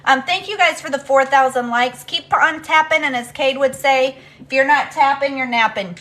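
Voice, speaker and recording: A woman with a high, slightly bright voice speaks at a normal speed. Livestreaming from home, she walks between rooms while chatting casually with her viewers, rambling and saying um a lot.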